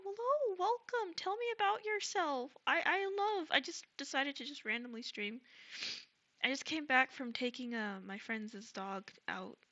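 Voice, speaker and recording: A sick woman streaming a game live, chatting casually and gushing with excitement as she thanks her viewers. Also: high voice, highs cut off.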